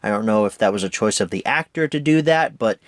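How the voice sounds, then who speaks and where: A young man hosting a casual home media review, animated and rambling, often correcting himself. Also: fairly low pitch, fast talker, no echo, clean studio sound.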